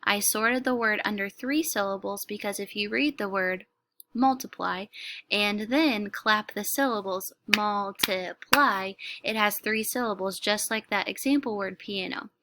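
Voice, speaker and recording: A woman teacher giving a clear, step-by-step lesson to young students, sounding out words slowly. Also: mid-range voice, fairly bright tone, a little hiss or hum. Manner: slow, clear, instructive, stretches words to clap syllables. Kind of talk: classroom lesson explanation. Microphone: recorded lesson video.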